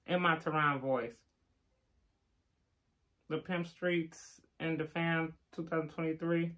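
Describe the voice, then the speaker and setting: A woman's voice: sits low, fairly even intonation, takes it slowly, long pauses, a bit bright. An older woman, chatting casually on a live stream and reading out viewer names with teasing asides. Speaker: vlogger giving live shout-outs.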